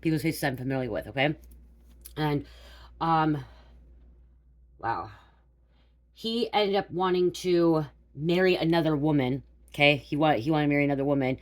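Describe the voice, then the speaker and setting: In a low voice at a normal speed, with long pauses, this mom of school-age girls gives a loose, meandering psychic reading. She keeps restarting and asking "okay?" or addressing "you guys," all on a rough recording.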